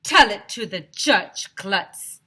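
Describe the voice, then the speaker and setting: A woman voicing a loud, mocking policeman in a children's storybook reading. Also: medium pitch, lively intonation, slow, husky, heavily acted.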